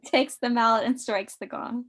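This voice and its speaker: A woman briskly reading stage directions in a live script reading, lightly amused. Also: a little high, fairly even intonation, over music.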